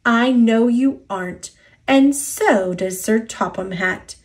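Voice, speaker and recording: A woman voicing a kind, calm male steam engine in a storybook read-aloud, gentle and reassuring. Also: fairly high pitch, takes it slowly.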